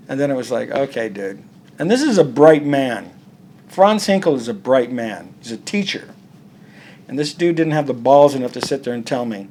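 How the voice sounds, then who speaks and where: A man's voice: medium pitch, lively intonation, fast, darkish tone, a little hiss or hum. A man, a comic artist, talking bluntly and profanely in a casual interview, acting out quoted dialogue.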